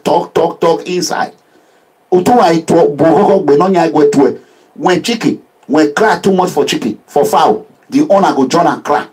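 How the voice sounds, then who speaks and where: A man with a Nigerian accent giving an impassioned social media address as a political activist, animated and preachy, full of proverbs. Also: high-pitched, breathy edge, low-quality recording.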